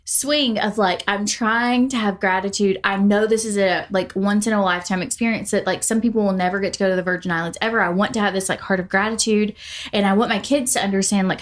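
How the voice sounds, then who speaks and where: A woman co-hosting a casual podcast, rambling with lots of fillers and restarts. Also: mid-range voice. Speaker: podcast co-host. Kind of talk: casual chat.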